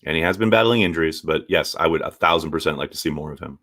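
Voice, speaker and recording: A man hosting a casual live stream, reading viewer chat and giving blunt, animated takes with the odd swear. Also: very deep voice, fast talker. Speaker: sports show host reading viewer chat.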